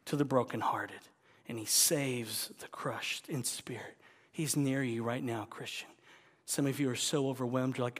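A man preaching a sermon, his voice swelling to loud pleading and dropping to hushed whispers. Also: medium pitch, fairly even intonation, normal speed. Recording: long hall reverb.

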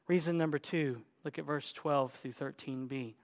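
A man's voice: high voice, moderate pace, few pauses. Man preaching in a reverberant hall. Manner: expository preaching, shifting from hushed to emphatic. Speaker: pastor. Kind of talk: sermon.

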